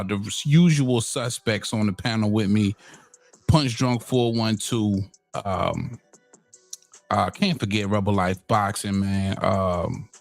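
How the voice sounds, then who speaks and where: A man hosting a live boxing talk stream, chatting loosely with many fillers, shout-outs and a Black way of speaking. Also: medium pitch. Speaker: boxing channel host. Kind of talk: casual live-stream commentary.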